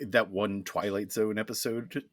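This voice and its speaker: A man's voice: fairly low pitch, steady tone, measured pace, dry recording, clean studio sound. A man co-hosting a casual comic-book podcast, making wry asides and laughing often. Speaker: podcast co-host.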